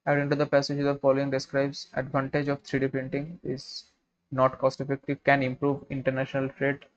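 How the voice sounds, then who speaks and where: A man, an exam prep tutor reading test questions aloud and working through them, halting and repeating words as he thinks. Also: mid-range voice, monotone. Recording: dull lo-fi livestream audio.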